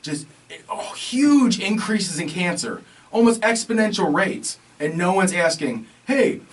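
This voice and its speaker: A man co-hosts a casual podcast and goes on emphatic, rambling rants. His voice is a bit high, and he is heard from some distance off the microphone. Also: animated, measured pace. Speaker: podcast co-host.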